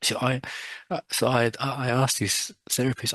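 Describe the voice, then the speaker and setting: Husky-voiced man giving a dharma talk. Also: mid-range voice, fairly quick, a bit bright, dry recording. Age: middle-aged. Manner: conversational, many restarts, quotes his teacher with raised voice. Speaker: Buddhist teacher.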